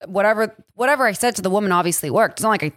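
A woman's voice: mid-range voice, lively intonation, very fast, fairly bright tone, dry recording, clean studio sound. A young woman co-hosting a podcast who talks in a self-assured, assertive way. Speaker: podcast co-host. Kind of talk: casual chat.

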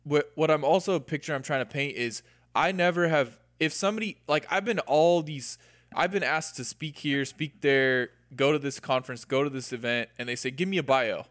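A man's voice: a little high, moderate pace, fairly bright tone, no room sound, clean studio sound. A man co-hosting a podcast, speaking earnestly and laying out long examples in a casual conversation. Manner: earnest, explains with extended examples. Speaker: podcast co-host.

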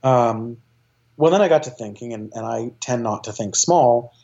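A man talks with eager enthusiasm in a casual interview, rambling through his thoughts with frequent fillers and self-corrections. His voice is mellow and dark, and the recording sounds dull and lo-fi. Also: mid-range voice, moderate pace. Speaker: choir director and guest.

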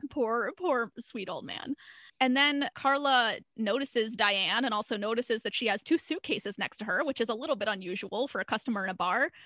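Bright-voiced young woman recapping a sitcom. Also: on the high side, moderate pace, no echo, studio quality. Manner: animated storyteller, acts out quotes, laughs often. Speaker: podcast co-host recapping a sitcom episode. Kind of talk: casual chat.

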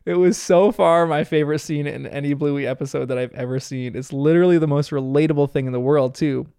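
A young man gives a casual, animated commentary on a cartoon, laughing often as he goes. His voice is smooth and sits a little high. The recording is dry and close. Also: a little fast, no echo. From United States. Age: young adult. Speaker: episode reviewer.

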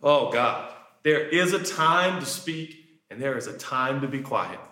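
A man preaching a sermon, animated, jumping from shouted lines to quiet asides. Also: medium pitch, unhurried. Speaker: pastor. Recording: echoey room.

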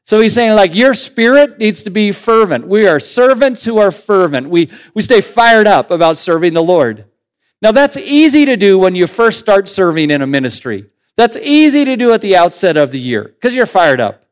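A man preaching a sermon as pastor in a conversational, animated way, building to emphatic points. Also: sits high, normal speed, clear, resonant tone.

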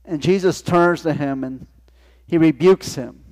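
A male pastor delivers a sermon in church, with a voice that sits slightly high. He talks to the congregation plainly and conversationally, asking rhetorical questions and letting points sink in. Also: measured pace, a little mellow.

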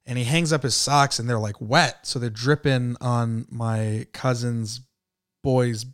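A man's voice: medium pitch, steady tone, measured pace, a bit bright, no echo, studio quality. A man from San Jose, California, telling a comic story in casual chat, acting out the people he quotes and laughing often. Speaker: comedian guest.

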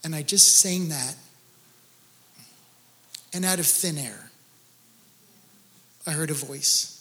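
Slow and forceful, a man with a bright, higher voice speaks in a large hall as a guest at a church gathering. His testimony sermon recounts his faith journey with earnest storytelling that swells into intense emphasis.

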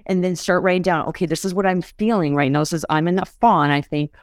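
On a podcast as a guest, this woman speaks fast in a low-leaning voice with fairly even intonation, and there's no echo. She keeps her explanation conversational, repeatedly asking listeners whether it makes sense and addressing them as "you guys."

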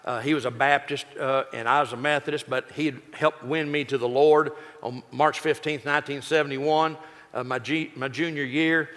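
Man in his sixties, folksy joking preacher, bright forceful tone, long hall reverb, sermon storytelling. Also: mid-range voice, moderate pace. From Texas. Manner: folksy, joking, lively delivery. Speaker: pastor.

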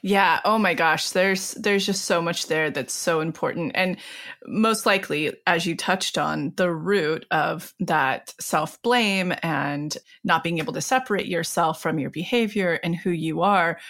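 A woman's voice: lowish voice, a little slow, a bit bright. A woman hosting a podcast interview, asking questions in a casual, chatty way. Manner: casual, chatty, laughs easily. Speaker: podcast host. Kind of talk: conversational interview.

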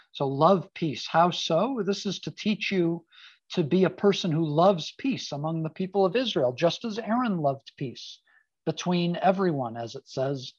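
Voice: medium pitch, a little slow, dry recording. A speaker giving an informal sermon on a Jewish text, conversational with casual asides. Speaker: speaker giving a Torah talk. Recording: dull lo-fi dry recording.

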